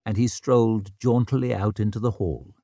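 A man narrating an audiobook in an expressive, wry storytelling manner. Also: on the low side, moderate pace, no echo, clean studio sound. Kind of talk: scripted narration.

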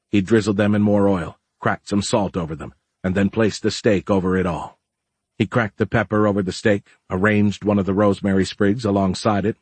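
A man narrating an audiobook in a steady, even-paced way. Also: fairly low pitch, breathy edge, dry recording.

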